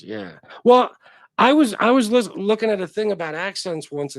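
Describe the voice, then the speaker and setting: A man hosts a casual livestream, rambling and cursing freely as he chats with his viewers. His voice sits a little high for a man and swings lively up and down. The sound is close and dry. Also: no echo. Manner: rambling, profane, chatting with viewers. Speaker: livestream host. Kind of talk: casual chat.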